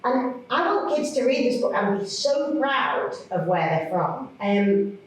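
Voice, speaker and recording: A woman, a children's author chatting to an audience in a lively, self-mocking way. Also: mid-range voice, a little slow, a little hiss or hum. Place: large hall. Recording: echoey hall from far off.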